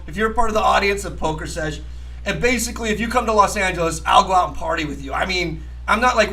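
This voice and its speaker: A man's voice: high voice, pushed and bright, rough recording. A man hosting a poker talk show, rambling and profane, arguing emphatically and laughing often. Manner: emphatic, argumentative. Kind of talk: casual chat.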